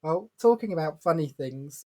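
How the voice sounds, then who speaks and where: A man with a voice a little higher than most, talking through a book in a relaxed podcast chat. He explains at length and drops small laughs as he goes. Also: normal speed. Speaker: podcast co-host. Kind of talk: casual book-review chat.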